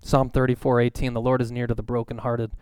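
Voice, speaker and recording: Male pastor, sermon, smooth clear voice, dry close sound. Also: medium pitch, little pitch movement, a little mellow, no room sound. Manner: conversational preaching, reads scripture slowly, acts out quotes.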